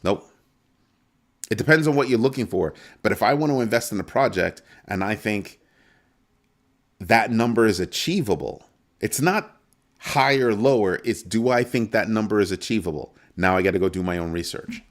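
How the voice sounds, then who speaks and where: A man hosting a casual live-stream crypto show, talking through numbers with animated swings between calm and mock panic. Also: on the low side, moderate pace.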